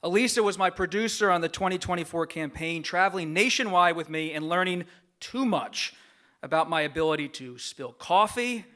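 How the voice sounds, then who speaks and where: A man's voice: sits high, expressive, moderate pace, sharp tone. A man giving a formal, earnest acceptance speech at a gala, reading prepared remarks of thanks from a podium microphone. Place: large gala banquet room.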